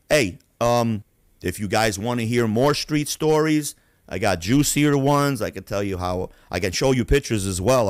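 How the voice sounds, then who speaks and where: A man from Queens, hosting a podcast and telling stories in a profane, animated way. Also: fairly low pitch, no room sound, studio quality. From Queens, New York. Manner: animated, profane, acts out voices. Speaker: podcast host. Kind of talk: casual storytelling.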